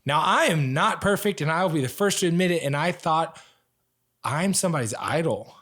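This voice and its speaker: Brief: young male podcaster, lively self-mocking storyteller, casual chat delivery. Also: fairly high pitch, a little fast. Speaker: podcast co-host, ninja athlete.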